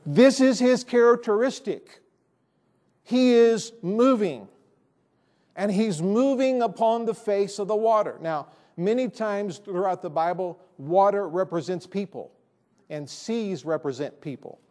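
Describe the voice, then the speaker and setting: A man's voice: high-pitched, animated, measured pace, darkish tone. A male pastor preaching a sermon in a church, emphatic and repeating his key phrases. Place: church sanctuary.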